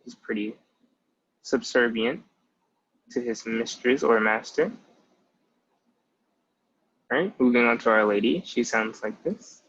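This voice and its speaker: A young man in his twenties tutors a casual spoken language lesson, moving step by step and frequently beginning with "so" and "basically." He speaks slowly in a mid-range, slightly bright voice with a breathy edge, leaving long pauses. The audio is muffled and lo-fi.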